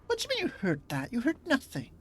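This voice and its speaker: A woman's voice: high voice, wildly swooping pitch, fast talker. A woman streamer chatting casually as she plays, rambling a little with fillers. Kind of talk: casual gaming stream commentary.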